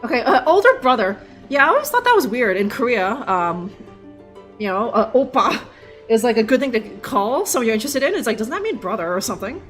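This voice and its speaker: A woman's voice: fairly high pitch, big pitch swings, brisk, faint music behind. A young woman streaming a game live, joking and rambling with lots of fillers. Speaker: livestream gamer. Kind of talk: casual live gameplay commentary.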